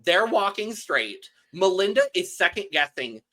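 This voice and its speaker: A bright, sharp voice that climbs and dips as she recaps a reality show. She tells it as a story and acts out what she said while watching. Casual podcast chat between co-hosts. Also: mid-range voice, a little slow, poor audio. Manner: animated storytelling, acts out her own reactions. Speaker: podcast co-host.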